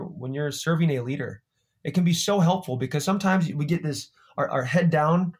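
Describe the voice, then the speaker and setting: A man's voice: fairly high pitch, darkish tone, husky. A man co-hosting a podcast, explaining ideas and giving advice in a thoughtful, casual way. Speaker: podcast co-host.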